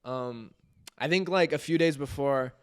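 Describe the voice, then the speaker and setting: A young man in his twenties co-hosting a podcast, relaxed and laughing often, saying "dude". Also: medium pitch, a little slow, clean tone. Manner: laid-back, laughs often, says "dude". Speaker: podcast co-host. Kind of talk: casual chat.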